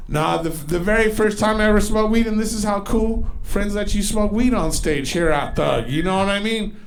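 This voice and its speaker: Man in his forties, stand-up comic, gravelly, slightly high voice, profane storytelling, faint club hum. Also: normal speed. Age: 40s. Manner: loose, profane storytelling with exaggerated voices and shouts. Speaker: stand-up comedian. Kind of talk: stand-up comedy set. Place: underground comedy club stage.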